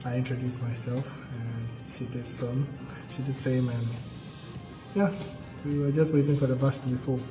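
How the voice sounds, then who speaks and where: A man's voice: medium pitch, echoey room, in a large hall, poor audio. A man with a Ghanaian accent casually telling a personal travel story and acting out the voices of the people in it. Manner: animated, acts out voices in his retelling.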